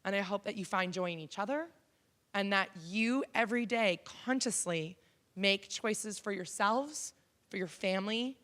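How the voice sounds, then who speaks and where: A Canadian woman in her thirties, her mid-range voice a bit bright, speaks as keynote in a college auditorium. She tells the audience a personal story frankly and conversationally, with many ums.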